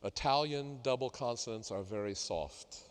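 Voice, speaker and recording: A middle-aged man coaching a singer in a masterclass, talking haltingly with many fillers and sung demonstrations. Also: medium pitch, smooth. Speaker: vocal coach leading a masterclass. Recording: reverberant hall.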